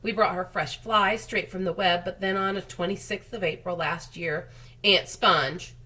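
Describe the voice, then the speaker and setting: A woman voicing a kind, sorrowful female spider in a storybook reading, with a husky voice. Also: lowish voice, steady tone, moderate pace. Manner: gentle, tearful telling.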